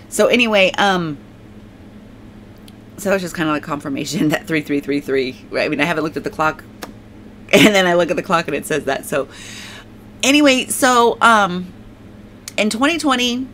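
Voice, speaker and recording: A woman with a fairly low, fairly bright voice gives a casual faith testimony at a moderate pace with long pauses, over a slight hiss or hum. She rambles emphatically, repeats herself, leans on "like," and now and then prays aloud, thanking God.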